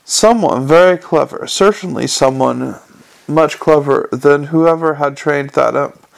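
A man reads a storybook aloud with a wry, even delivery. His voice is gravelly and sits a little above the usual male pitch. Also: a little slow. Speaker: audiobook narrator. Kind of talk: storybook narration.

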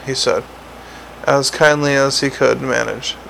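A man's voice: medium pitch, fairly even intonation, unhurried, creaky, pauses often, fairly bright tone, slight background noise, poor audio. A man reading a novel aloud as narrator, with occasional slips and restarts. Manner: reads with small slips and restarts. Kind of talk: audiobook narration.

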